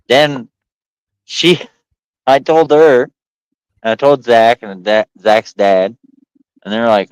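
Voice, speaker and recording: Male co-host, casual stream talker, smooth tone, acts out his stories. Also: on the low side, takes it slowly, pauses often, no room sound, rough recording. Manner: animated storyteller, acts out quotes. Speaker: livestream co-host. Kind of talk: casual chat.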